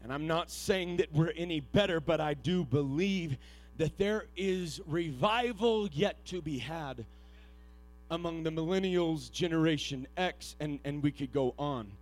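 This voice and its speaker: A man with a fairly high voice delivers an earnest sermon. He tells stories quietly and haltingly with frequent restarts, then rises into loud, shouted exhortation. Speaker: preacher.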